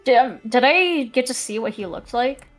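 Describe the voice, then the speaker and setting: A woman's voice: on the high side, animated, normal speed. A woman player in a casual tabletop game, speaking hesitantly and stopping to think mid-sentence. Faint music plays in the background. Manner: hesitant, lots of fillers.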